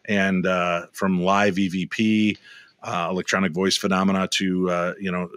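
Middle-aged guy on a video call, lowish voice, dry sound, acts out his stories. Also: moderate pace, no echo. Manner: animated storyteller acting out dialogue. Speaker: guest. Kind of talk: storytelling interview.

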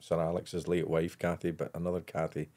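A man's voice: low-pitched, flat delivery, a little fast, a little mellow. An older man with a Scottish accent, a comedian telling anecdotes in casual podcast chat, laughing often. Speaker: guest comedian.

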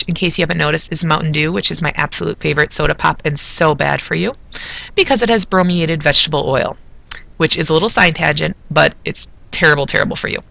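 A woman's voice: medium pitch, creaky, bright, forceful tone. A woman who is a chemistry teacher, giving a recorded video lesson in a chatty way, with asides as she explains.

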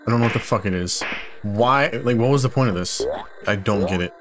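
Young male let's-player, lowish voice, foul-mouthed and puzzled, clear game music under him. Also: brisk. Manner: frustrated, swearing a lot, bursts of loud surprise. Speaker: gaming YouTuber. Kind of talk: let's play commentary. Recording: game music playing behind.

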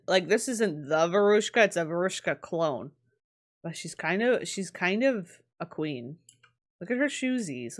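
Woman, game streamer, chatty, excitable, lively swooping pitch. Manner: chatty, excitable, laughs often. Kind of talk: casual let's-play commentary.

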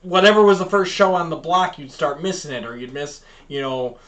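A man's voice: on the high side, animated, fairly quick, a crowd in the background. A man co-hosting a podcast, rambling animatedly through childhood memories in casual chat with many fillers. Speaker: podcast co-host.

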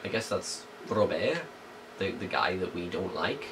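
A man's voice: deep voice, animated, measured pace, vocal fry, fairly bright tone, slight background noise, low-quality recording. A man casually commenting on his gameplay as a let's play host, jokey and playful, humming and muttering to himself.

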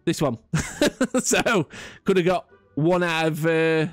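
A man's voice: a little high, slow pace, dry recording, faint music behind. A man rambling through casual gameplay commentary, chatty and self-mocking with frequent restarts. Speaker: gaming YouTuber.

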